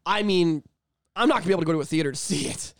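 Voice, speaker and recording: A man's voice: on the high side, rapid-fire, no echo, studio quality. A man co-hosting a podcast in casual, profane chat, laughing often. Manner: profane, animated, laughing a lot. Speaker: podcast co-host.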